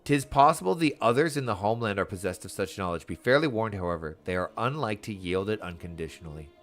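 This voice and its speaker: A man's voice: fairly low pitch, expressive, fast talker, a bit bright, voice pushed down. A man reading an earnest young woman leader. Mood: solemn. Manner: reads game dialogue aloud in a formal, earnest tone. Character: solemn young woman leading a sworn order. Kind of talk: reading game text aloud.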